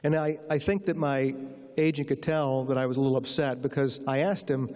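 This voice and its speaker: A man's voice: medium pitch, fairly even intonation, fairly quick, darkish tone. An American man giving a lecture as a guest author, telling humorous anecdotes in a wry, self-deprecating way. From United States. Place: lecture hall. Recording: reverberant lecture hall.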